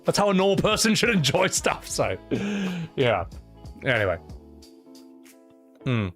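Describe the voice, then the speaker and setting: A man's voice: on the high side, sing-song, measured pace, a bit bright, faint music behind. A man livestreaming, chatting casually and reading donation messages. He rants with profanity and strong opinions. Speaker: streamer.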